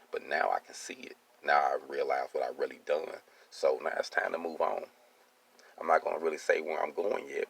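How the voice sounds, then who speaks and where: A man's voice: very deep voice, vocal fry. A man in his thirties, a welding business owner, tells his life story in a streetwise, casual monologue and keeps asking "you see what I'm saying.".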